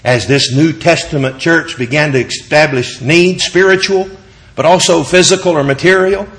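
Preacher, male, slightly high-pitched, measured scripture reading with strong emphasis. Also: a bit bright. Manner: reads scripture slowly with rising and falling emphasis. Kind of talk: sermon.

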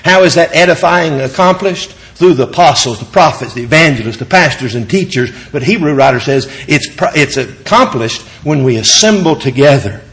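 A man preaching a sermon, reading scripture slowly with rising and falling emphasis. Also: a little high, animated, fairly bright tone.

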